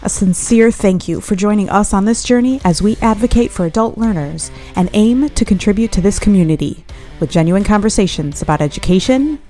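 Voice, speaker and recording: Mellow-voiced woman reading a podcast outro. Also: mid-range voice, lively intonation, brisk. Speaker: podcast host. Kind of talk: scripted outro. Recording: faint music underneath.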